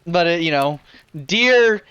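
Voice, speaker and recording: A man's voice: mid-range voice, unhurried, bright, forceful tone, slight background noise. A man narrating a tabletop game as dungeon master, rambling with lots of fillers. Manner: rambling, heavy on fillers like "like" and "you know". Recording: dull lo-fi sound.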